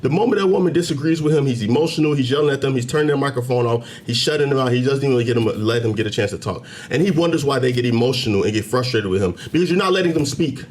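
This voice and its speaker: A man talking straight to the camera in a commentary video, emphatic and preachy, climbing to loud, heated peaks as he argues. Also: mid-range voice, lively intonation, very fast, hardly any pauses. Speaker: commentary channel host. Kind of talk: direct-to-camera commentary rant. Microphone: camera mic, facing camera.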